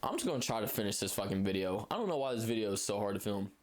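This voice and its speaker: A young man telling a storytime vlog in a rambling, animated way, swearing freely. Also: lowish voice, very fast. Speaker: vlogger.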